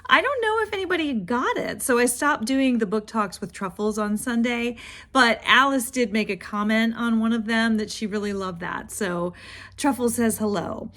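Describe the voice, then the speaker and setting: A woman's voice: fairly high pitch, moderate pace. A woman hosting a book video channel, talking casually and at length in a chatty, rambling way. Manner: chatty, rambling, warm praise of other creators. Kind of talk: casual chat.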